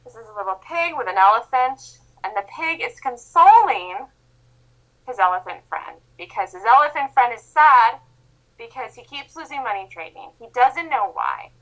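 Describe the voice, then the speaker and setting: A woman trading instructor gives a motivational talk with emphatic insistence. Her voice is bright and sits a little high. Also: animated, moderate pace, poor audio. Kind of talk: motivational lecture.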